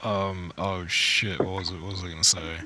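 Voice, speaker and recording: Man, podcast co-host, low voice, bright edge, rambling casual chat, swears. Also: little pitch movement, moderate pace, a little hiss or hum. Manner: rambling, swearing, loses his train of thought.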